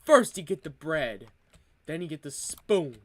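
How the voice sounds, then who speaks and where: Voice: medium pitch, very animated, unhurried, no room sound, voice pushed down. A streamer voicing a brash, exaggerated Italian-American family storyteller in a choppy put-on accent, doing comedy bits. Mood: mock-stern.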